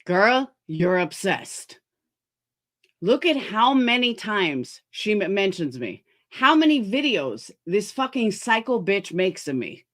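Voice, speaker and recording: A woman's voice: medium pitch, big pitch swings, unhurried, few pauses, a bit bright. A woman streamer ranting heatedly about other creators, swearing often and sounding exasperated. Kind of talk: livestream commentary rant.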